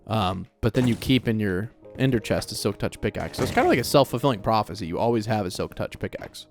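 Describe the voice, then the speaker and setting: A man's voice: lowish voice, lively intonation, fast. A man hosting a video game let's play, chatting casually, laughing often and talking back to the game. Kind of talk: casual gameplay commentary. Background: game music.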